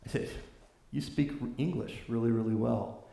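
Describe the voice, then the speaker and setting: Male preacher from California, chatty storytelling sermon, mid-pitched voice, roomy echo. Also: normal speed, vocal fry. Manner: conversational, animated storytelling with fillers.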